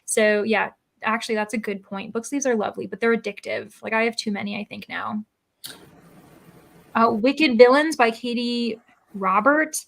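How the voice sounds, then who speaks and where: A woman's voice: a little high, normal speed, gravelly, a bit bright. A young woman hosting a reading livestream, chatting casually and reading out chat messages with many likes and ums. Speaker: host of a livestreamed reading sprint.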